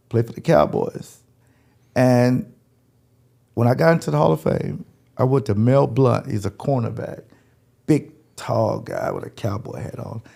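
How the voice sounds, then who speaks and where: A man in his fifties from Jacksonville, Florida, telling stories as a guest in a lively, laughing way. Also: medium pitch, gravelly. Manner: lively, laughing, swings between loud and quiet. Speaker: guest, former football player. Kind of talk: animated storytelling.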